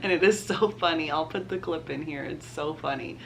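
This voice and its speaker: A woman's voice: low voice, moderate pace, gravelly, a bit bright, a little hiss or hum. A young woman, chatting casually to camera as a mom vlogger and laughing often.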